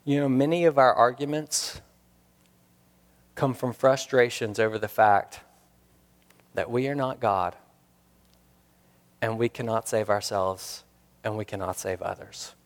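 A man's voice: medium pitch, a little slow, long pauses. Earnest male pastor preaching in a reverberant hall. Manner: earnest, rhetorical questions, repeats key lines for emphasis. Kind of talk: sermon.

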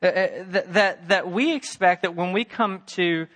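A man's voice: high voice, normal speed, a bit bright. A middle-aged man preaching a sermon, telling a story with emphatic repetition and acting out the voices of its characters. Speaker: pastor.

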